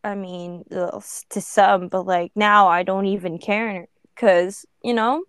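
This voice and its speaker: A woman's voice: mid-range voice, steady tone, slow, fairly bright tone, clean tone, no echo, clean studio sound. A woman in her twenties from the Philippines, co-hosting a podcast in casual, candid chat, swearing freely and laughing often. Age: 20s. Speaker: podcast co-host.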